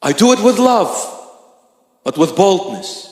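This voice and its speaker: A man preaching as bishop in a church, impassioned, acting out little scenes and rising to shouts. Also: high voice, big pitch swings, unhurried. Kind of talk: sermon. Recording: echoey hall reverb.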